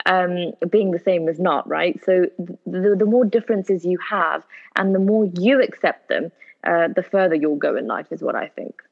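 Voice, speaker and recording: A woman's voice: on the low side, lively intonation, normal speed, vocal fry. A woman, a podcast guest giving earnest answers and repeating phrases for emphasis. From United Kingdom. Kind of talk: earnest conversational interview answers. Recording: tinny phone-like line.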